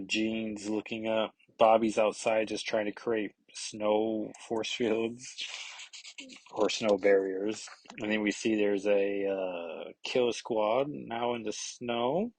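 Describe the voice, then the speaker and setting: Man, low husky voice, casual comic recap, rambling with lots of fillers, dry close sound. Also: no room sound, low-quality recording. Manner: rambling, filler-heavy, acts out lines in quick voices. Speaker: podcast host.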